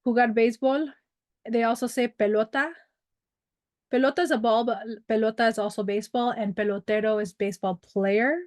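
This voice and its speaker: A woman with a fairly high, dry voice teaches a Spanish lesson over a video call. She reads words and their English meanings and drifts into chatty asides. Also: steady tone, brisk, dry recording. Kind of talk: online language lesson. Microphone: computer mic on a video call.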